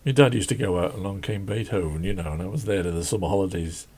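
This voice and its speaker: Croaky, rambling man chatting while drawing. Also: low voice, fast talker, a little mellow. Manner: rambling, chatty, self-deprecating, laughs often. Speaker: drawing channel host. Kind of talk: casual chat while drawing. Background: faint classical music.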